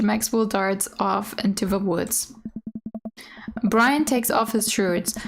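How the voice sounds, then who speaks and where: A woman's voice: medium pitch, slight background noise. Young woman streamer with whispered asides. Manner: slips into whispered asides and squealing laughs. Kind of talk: casual let's-play, reading game text aloud.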